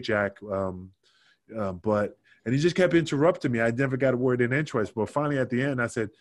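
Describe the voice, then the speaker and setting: A man's voice: mid-range voice, fast, dry recording, studio quality. A man casually telling a backstage story, acting out other people's lines with cursing. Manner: animated, acts out quotes with cursing. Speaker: podcast guest.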